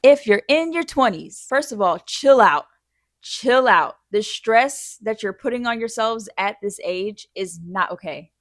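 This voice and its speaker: A woman in her thirties answers viewer questions with blunt, frank advice, swearing as casually as she chats. Her voice sits mid-range in pitch. The sound is close and dry, with no room echo. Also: lively intonation, normal speed, hardly any pauses, soft background music.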